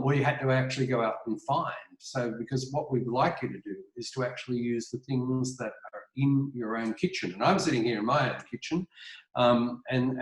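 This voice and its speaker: A man's voice: mid-range voice, roomy sound, low-quality recording. An Australian man presenting an art webinar from his home kitchen, rambling with many fillers and restarts. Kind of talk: casual online presentation.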